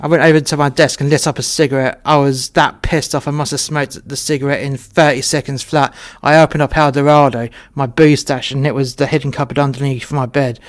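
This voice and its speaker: A man's voice: medium pitch, level tone, brisk, few pauses. A man narrating a first-person story in a blunt, conversational way, swearing freely.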